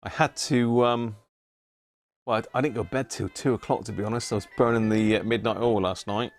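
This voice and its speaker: A man's voice: lowish voice, steady tone, brisk, soft background music. A man hosting a casual livestream, chatting, laughing often and greeting viewers by name. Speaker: livestream host. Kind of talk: casual live chat reading viewer messages.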